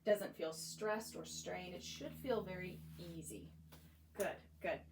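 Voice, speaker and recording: A woman's voice: lowish voice, slow, echoey room, background noise. A young woman working as a voice clinician, patiently guiding a client through voice exercises step by step with encouragement. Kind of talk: guiding a voice therapy session. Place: clinic room.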